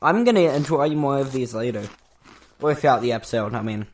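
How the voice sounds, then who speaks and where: A young man co-hosting a casual snack-tasting chat with his father, goofy with deadpan asides. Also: mid-range voice, brisk. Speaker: podcast co-host, son.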